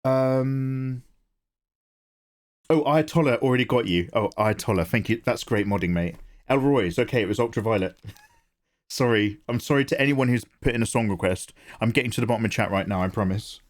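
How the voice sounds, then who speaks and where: A man's voice: mid-range voice, normal speed. A man hosting an art livestream, chatting casually, self-deprecating and reading viewer messages aloud.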